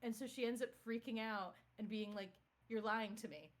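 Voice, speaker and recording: A woman's voice: a little high, moderate pace. A woman on a game stream, casually retelling a show in a rambling way full of fillers and restarts. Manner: rambling, filler-heavy storytelling. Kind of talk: casual chat.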